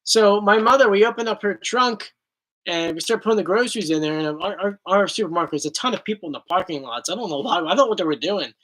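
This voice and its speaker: This is a man hosting a relaxed question-and-answer video, joking his way through stories of his own pranks. His voice comes across bright and forceful, and his delivery stays goofy and playful throughout. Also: high voice, fast talker. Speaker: YouTube host. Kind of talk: casual Q&A chat.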